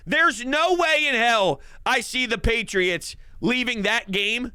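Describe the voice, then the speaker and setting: A man hosting a sports podcast, giving excited fan commentary with boastful, hyped talk and bursts of shouting. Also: extremely high pitch, slow, clean tone, no room sound.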